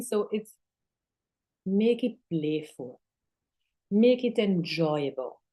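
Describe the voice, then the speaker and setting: A woman spiritual teacher speaking as a guest in casual spiritual talk, swearing casually and sometimes dropping into soft near-whispers. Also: medium pitch, animated, slow pace.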